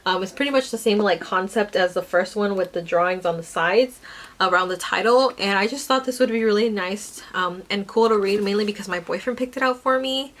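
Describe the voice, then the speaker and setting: A woman's voice: mid-range voice, a little fast, a bit bright. A young woman chatting casually about her book haul, rambling with lots of fillers and self-corrections. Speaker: book vlogger.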